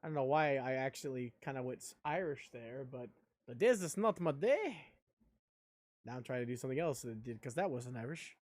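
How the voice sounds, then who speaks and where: A man's voice: mid-range voice, steady tone, quick pace, hardly any pauses, a little mellow, no echo, clean studio sound. A man streaming a video game live, chatting in a joking, rambling way. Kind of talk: casual live-stream chat while gaming.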